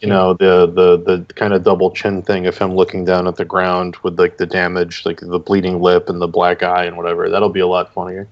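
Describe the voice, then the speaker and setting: A man's voice: low voice, completely flat delivery, brisk, hardly any pauses. A man acting as guest judge, giving casual, rambling critique of comic entries on a livestream over a video call. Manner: rambling, filler-heavy feedback. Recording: dull lo-fi stream audio.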